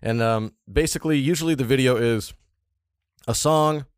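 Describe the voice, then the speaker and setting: A man's voice: medium pitch, moderate pace, clean tone, no echo, studio quality. A young man co-hosting a podcast, chatting loosely and swearing often. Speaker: podcast co-host. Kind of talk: casual chat.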